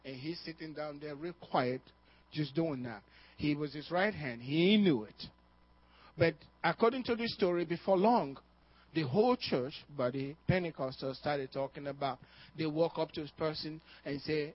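A man with a slightly high, husky voice preaches a storytelling sermon, dropping to near-hushed lines and then swelling louder. He peppers his talk with "uh" and asks the congregation "Amen?". The recording sounds dull and muffled. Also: normal speed. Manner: storytelling preacher, rising and falling loudness, frequent "uh" and "Amen?". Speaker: pastor.

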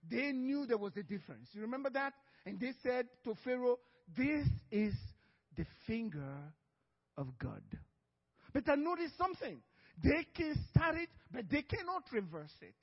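A man's voice: very high voice, slightly rough, big-room sound, dull audio. A man preaching a sermon as pastor, telling a story with frequent laughter and acted-out dialogue.

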